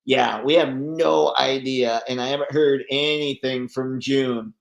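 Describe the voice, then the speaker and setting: Hosting a casual livestream, this man reads viewer comments aloud and answers them in a loose, chatty manner, laughing often. His gravelly voice holds a steady tone at an ordinary middle pitch, moving a little slowly, and the roomy space around him gives off plenty of echo.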